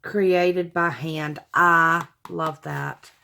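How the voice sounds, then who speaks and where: A woman's voice: low voice, fairly even intonation, very slow, vocal fry, bright, forceful tone, a little hiss or hum. A woman, hosting her channel and chatting to viewers as she opens gifts, gushing and sentimental with frequent exclamations. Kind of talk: casual unboxing chat to viewers.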